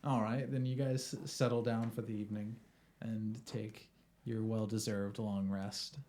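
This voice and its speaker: A man narrating a tabletop game as game master, relaxed and hesitant with many fillers. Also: on the low side, measured pace.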